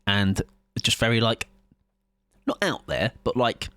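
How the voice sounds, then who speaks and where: A young man streaming a game, chatting loudly and energetically with his viewers and laughing often. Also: lowish voice, measured pace, no room sound. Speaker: livestreamer. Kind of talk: casual gaming livestream chat.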